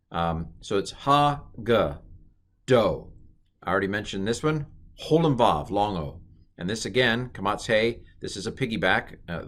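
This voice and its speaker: A middle-aged man teaching an online Hebrew lesson in a playful way, with jokey asides. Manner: playful, jokey asides, lively swings in pitch.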